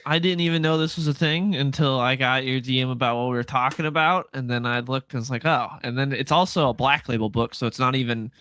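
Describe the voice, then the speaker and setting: Bright-toned man ranting dismissively. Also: medium pitch, fast talker, few pauses, a little hiss or hum. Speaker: podcast panelist. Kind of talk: casual panel chat.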